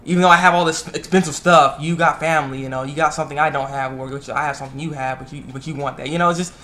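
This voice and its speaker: Young male anime vlogger, quick and bright, a bit high, acts out lines. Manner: animated, acts out characters' lines in quick voices. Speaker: anime reviewer. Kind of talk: casual episode recap.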